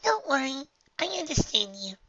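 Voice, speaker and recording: A reader voicing a spirited young unicorn filly, high and eager. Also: big pitch swings, moderate pace, a bit bright, dry recording, muffled recording.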